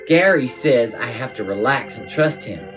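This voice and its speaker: A man's voice: mid-range voice, expressive, normal speed, over music, natural voice. A man putting on a wistful Southern housewife. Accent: Southern US, put on. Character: earnest hopeful Southern housewife writing her diary. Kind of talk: dramatic reading of a diary entry.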